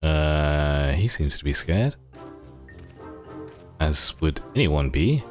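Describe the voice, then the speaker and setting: A man's voice: very deep voice, expressive, takes it slowly, long pauses, faint music behind. A man live-streaming a game, reacting in a chatty, wry way. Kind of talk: casual live-stream commentary.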